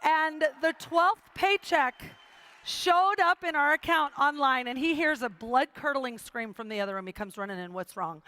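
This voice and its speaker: A middle-aged woman with a high voice gives an emphatic motivational speech to a live audience. She repeats key phrases for effect and acts out quoted dialogue as she tells her story. The sound is dry and close, with little room echo. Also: moderate pace, bright, forceful tone. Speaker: motivational speaker.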